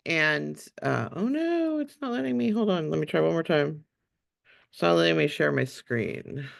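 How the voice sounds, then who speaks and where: Hoarse woman with a cold, gravelly. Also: deep voice, animated, normal speed. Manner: chatty, self-deprecating, many ums. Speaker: museum fundraiser on a panel. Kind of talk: webinar panel talk. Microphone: video call.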